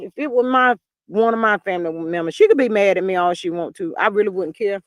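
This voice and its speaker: A man in his fifties hosting a livestream, chatting in an expressive way, reading viewer comments and often calling listeners "child". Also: high-pitched, fast, no echo, dull audio. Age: 50s. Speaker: livestream host.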